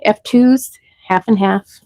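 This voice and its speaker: Slow-talking woman with a gravelly low voice. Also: warm tone, no echo, rough recording. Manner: chatty, talks sweetly to baby rabbits. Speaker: rabbit breeder hosting a livestream. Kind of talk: casual livestream chat.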